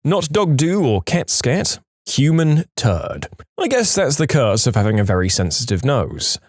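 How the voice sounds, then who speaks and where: A man reading reddit stories aloud, telling them in a lively way and putting on voices for the quoted people. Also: mid-range voice, unhurried, no echo, studio quality. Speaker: story narrator.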